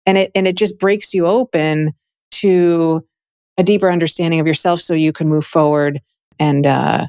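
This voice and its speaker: Woman interview guest, fairly low pitch, upbeat and talkative, dry studio feel. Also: steady tone, moderate pace, a little mellow, clean tone, dry recording. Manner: enthusiastic, chatty, frequent "like" and "right?". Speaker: guest, Akashic Records reader and teacher. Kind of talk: casual interview conversation.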